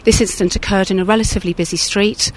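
A woman's voice: medium pitch, steady tone, very fast. A woman detective reads out a formal police appeal in a factual, level voice. Faint noise sits behind her.

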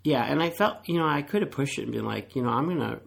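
A man as a podcast guest, chatting casually and telling animated stories, acting out what people said. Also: medium pitch, quick pace, gravelly, breathy edge. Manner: animated storyteller acting out quoted dialogue. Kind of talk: casual chat.

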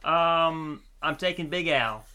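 A man co-hosting a podcast in casual chat, easygoing and quick to laugh. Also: a little high, sharp tone. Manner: easygoing, laughs often, silly impressions. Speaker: podcast co-host.

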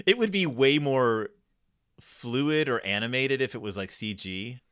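A man's voice: mid-range voice, expressive, takes it slowly, fairly bright tone, clean tone, dry recording, clean studio sound. A man co-hosting a casual podcast chat, rambling with laughs and restarts. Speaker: podcast co-host. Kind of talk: casual chat reviewing a horror episode.

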